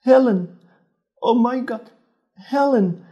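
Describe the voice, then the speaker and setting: A woman voicing a frightened young woman who cries out in high, urgent calls, in an audiobook for learners over faint music. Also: slow, warm tone, highs cut off. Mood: terrified. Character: terrified young woman dying in the night.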